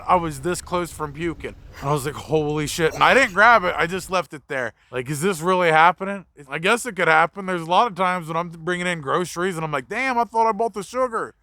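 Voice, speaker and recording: Man, mobile mechanic, gravelly, bright tense voice, blunt casual storytelling, dry close sound. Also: sits high, no room sound. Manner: blunt, profane, chatty storyteller.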